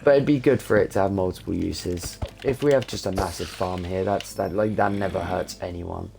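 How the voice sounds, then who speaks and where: A man's voice: sits low, moderate pace, creaky, a little mellow. A young man chatting and thinking aloud as he streams a game, rambling casually between tasks. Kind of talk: casual gameplay commentary. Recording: noisy with keyboard clicks. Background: keyboard typing.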